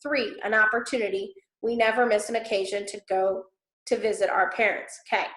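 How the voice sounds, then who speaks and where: A woman's voice: medium pitch, steady tone, fairly quick, a bit bright. A woman teacher giving patient, step-by-step instructions to students, often checking in with "okay?". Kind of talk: classroom instruction recorded for students. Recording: echoey room.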